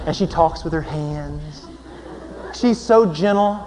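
High-voiced preacher in a reverberant hall. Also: male voice, slow, a little hiss or hum. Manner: dramatic, swings from shouts to hushed near-whispers; acts out scenes with sound words. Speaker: pastor. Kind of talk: sermon.

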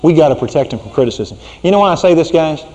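A middle-aged man preaching a sermon as a pastor, folksy and conversational, dropping to a hushed tone for serious points. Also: on the high side, animated, fast talker, in a large hall, highs cut off.

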